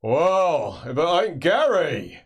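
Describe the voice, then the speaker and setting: A man puts on a hulking, scarred thug from a tabletop fantasy game, all loud, easy friendliness and rough slang. The voice sits a little above his usual pitch and comes on strong and matey, like a big bruiser who likes to grin. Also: lively intonation, normal speed, close to an everyday voice. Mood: chummy. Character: huge scarred brutish male thug, cheerful.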